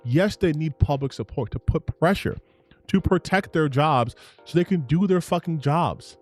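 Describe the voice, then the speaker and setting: A man's voice: fairly high pitch, animated, normal speed, faint music behind. A man giving heated, profane reaction commentary on gaming news, ranting and repeating himself for emphasis.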